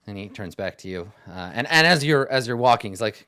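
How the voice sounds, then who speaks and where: A man's voice: on the low side, lively intonation, fairly quick, sharp tone, smooth. A man running a tabletop game as game master, narrating casually with lots of fillers and laughs.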